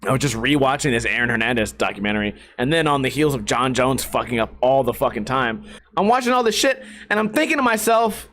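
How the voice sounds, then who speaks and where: A man hosting a casual solo podcast, talking in a brash, profane and excitable way. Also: mid-range voice, fast talker, slight background noise. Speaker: podcast host.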